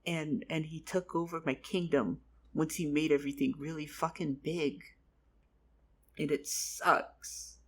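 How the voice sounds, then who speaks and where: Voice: mid-range voice, fairly even intonation, measured pace, a bit bright, slightly rough. A storyteller voicing a brash, foul-mouthed young goblin heiress who was exiled, talking with cocky swearing. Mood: bitter.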